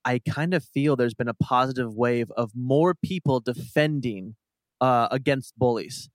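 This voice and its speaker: A man co-hosting a podcast, talking in a chatty, emphatic way with quick asides. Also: mid-range voice, no echo, clean studio sound. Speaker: podcast co-host. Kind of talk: casual chat.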